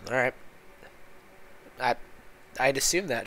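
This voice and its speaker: A man's voice: mid-range voice, unhurried, pauses often, a bit bright. A man hosting a casual gameplay commentary, muttering in frustration with lots of swearing as he plays. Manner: profane, exasperated muttering. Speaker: gaming channel host.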